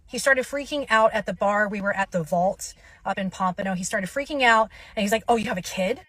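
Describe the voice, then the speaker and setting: A woman's voice: medium pitch, brisk, fairly bright tone, dry recording. A woman recounting a date in a casual vlog, indignant as she retells it.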